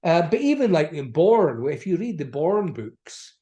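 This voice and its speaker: A slightly high, sing-song voice with a dark tone belongs to a middle-aged man from Aberdeen, Scotland, appearing as an actor in a relaxed interview. He takes his time, rambling along with many restarts.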